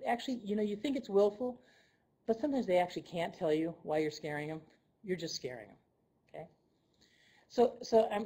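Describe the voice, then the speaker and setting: Mellow, husky woman giving a workshop talk. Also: lowish voice, poor audio. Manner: conversational, many restarts and "okay?" checks. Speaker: presenter. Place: room with a live audience.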